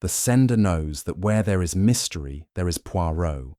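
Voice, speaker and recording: A man voicing a fastidious little detective with a French accent, speaking softly but with precise authority in a storybook reading. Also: deep voice, expressive, no room sound, clean studio sound. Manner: soft but commanding, precise. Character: fastidious little male Belgian detective, commanding.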